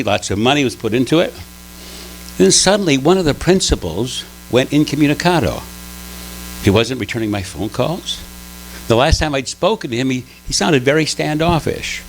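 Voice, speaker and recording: A man giving a conversational sermon at a spiritual center, telling stories with lively pitch swings and frequent restarts. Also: slight background noise, low-quality recording. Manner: animated storytelling, frequent restarts.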